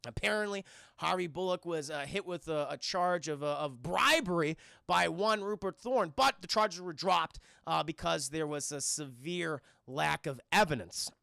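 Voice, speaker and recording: On the high side and gravelly, this young man's voice moves at a moderate pace while he recaps a cartoon episode for his live chat. He's animated, swears a lot, and keeps talking to the chat in a loose manner. It's a dry recording with clean studio sound.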